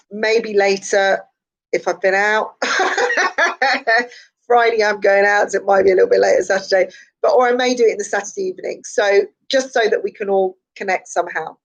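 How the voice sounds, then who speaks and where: Chatty psychic woman, slightly hoarse. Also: medium pitch, low-quality recording. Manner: chatty, repetitive, encouraging, laughs often. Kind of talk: casual morning live-stream pep talk.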